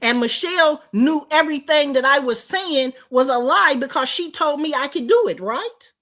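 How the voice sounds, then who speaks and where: High-voiced profane woman streamer. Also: moderate pace. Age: older. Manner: profane, animated, confrontational. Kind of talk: livestream rant.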